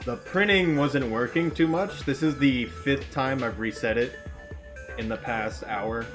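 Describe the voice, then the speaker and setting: A man talking through a game stream in a chatty, offhand way at an average pitch, now and then breaking into excited laughter. Soft music plays faintly behind him. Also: measured pace. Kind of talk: live gameplay commentary.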